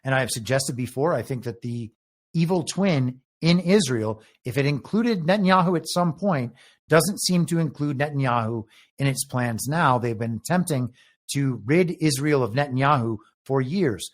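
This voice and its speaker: A man hosts a political commentary show. His voice sits at a middle pitch, and he reads out headlines and muses over them in a wry, speculative tone. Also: expressive, normal speed. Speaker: show host and moderator. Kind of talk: political commentary, reading out news.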